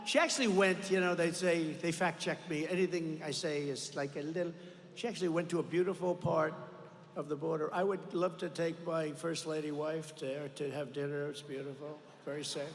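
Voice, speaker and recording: A man's voice: fairly high pitch, fairly even intonation, fairly quick. Older man giving a rambling rally speech. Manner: repetitive, boastful, rambling asides. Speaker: political rally speaker. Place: large arena. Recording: echoey arena with long reverb.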